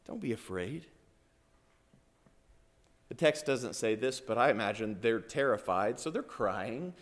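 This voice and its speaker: A man preaching a sermon, retelling the story as if he were there, swinging from loud passion to hushed awe. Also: mid-range voice, animated, normal speed. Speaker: pastor.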